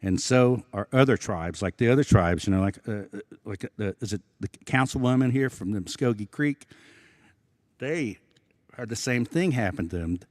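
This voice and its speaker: Low, mellow-voiced Osage man speaking earnestly. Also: animated, no echo, studio quality. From Osage Nation, Oklahoma. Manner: halting, earnest, with many restarts. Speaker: guest speaker, film actor. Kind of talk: casual storytelling talk. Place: public evening event.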